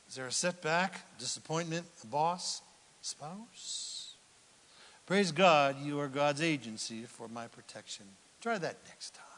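A man preaching a sermon, animated, swinging from loud lines to whispered asides. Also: on the high side, long reverb tail. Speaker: pastor.

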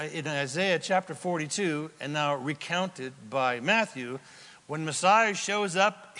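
A man preaching a sermon as a pastor, telling the story in a lively, joking way and acting out the quotes. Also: on the high side. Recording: long hall reverb from a large room.

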